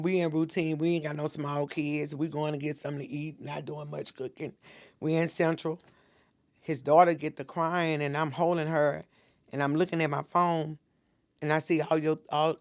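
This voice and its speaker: A woman's voice: deep voice, level tone, moderate pace. A middle-aged woman, a minister telling an intense personal story as a podcast guest and acting out what people said.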